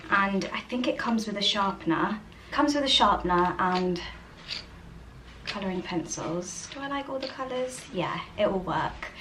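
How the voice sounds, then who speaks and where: A woman chatting casually to the camera in a home vlog, rambling and soft-spoken. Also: mid-range voice, a little hiss or hum, poor audio. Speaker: vlogger. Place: home interior.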